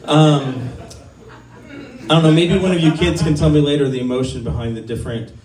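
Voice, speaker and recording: A man in his fifties does a crude, self-deprecating stand-up set at an open mic in a small comedy venue, rambling with plenty of ums. His voice is a little high at normal speed, with a crowd audible behind him; the recording is roomy, the mic heard from a distance.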